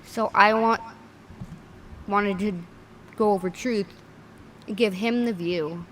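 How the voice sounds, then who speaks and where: Woman, livestream host, slow deliberate speech, earnest, close to tears, mid-pitched. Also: slight background noise. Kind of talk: emotional livestream commentary.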